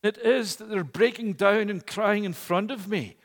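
Middle-aged pastor, male, high voice, measured emphatic sermon delivery, church hall reverb. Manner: slow, emphatic preaching with repeated phrases.

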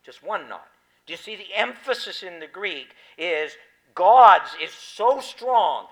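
A man's voice: a little high, big pitch swings, unhurried, a bit bright, poor audio. A man preaching a sermon, explaining a scripture passage and stressing key words with emphasis. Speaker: pastor.

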